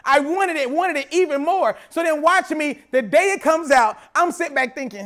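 A young man preaching a sermon, telling a story and repeating phrases as he builds to shouting. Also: extremely high pitch, a little fast, few pauses. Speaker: pastor.

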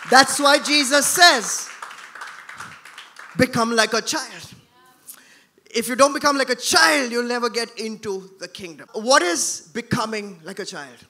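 A male pastor preaching a sermon in church, swinging between shouting and hushed tones. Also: very high-pitched, animated, measured pace.

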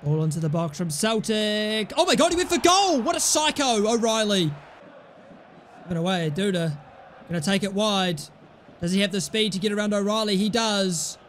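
A young man with a very high-pitched voice calls his football game as he plays. He chatters in quick low asides, then bursts into loud excited yells when the play heats up. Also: a little hiss or hum. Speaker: gaming YouTuber. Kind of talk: live gameplay commentary.

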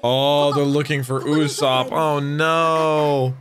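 A young man reacting to an anime episode as host, excitable, exclaiming and laughing often, with the show's music playing behind him. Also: a little high, slow. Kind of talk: live reaction commentary. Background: anime episode audio with music.

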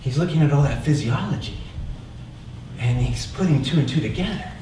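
A man's voice: medium pitch, lively intonation, a little fast. Man telling a story on stage, very echoey. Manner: conversational, keeps checking in with "right?". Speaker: one-man show performer. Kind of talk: theatrical storytelling monologue. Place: live stage in a theater. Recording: echoey room, mic far off, noisy.

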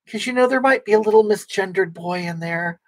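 In this comedic livestream, a man voices a coarse, loud middle-aged woman who reads out viewer comments in a high, breathy, stop-start voice. The mood is rambling; she keeps beginning her sentences over and bristles easily, quick to feel hurt.

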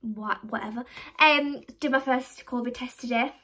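A woman's voice: on the high side, normal speed, bright, forceful tone. A young woman vlogging to camera in a chatty, rambling way, poking fun at herself as she tells stories. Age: young adult. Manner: chatty, rambling, self-mocking storyteller. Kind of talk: casual chat to camera.

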